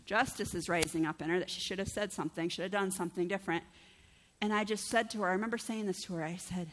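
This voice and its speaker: A woman's voice: medium pitch, steady tone, quick pace. A woman pastor giving a conversational sermon, often asking her listeners "right?" as she speaks. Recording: long reverb of a church hall.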